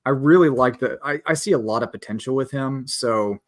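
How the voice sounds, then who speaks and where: A man's voice: mid-range voice, fairly quick, dry recording, studio quality. A man co-hosting a podcast, chatting casually and trailing off into restarts. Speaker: podcast co-host. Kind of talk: casual chat.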